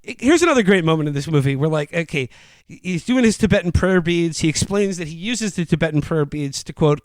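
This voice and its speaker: A man's voice: high voice, lively intonation, fast, no echo. A man co-hosting a podcast, rambling through a movie recap with stumbling restarts and mock quotes. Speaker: podcast co-host. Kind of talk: casual movie-review chat.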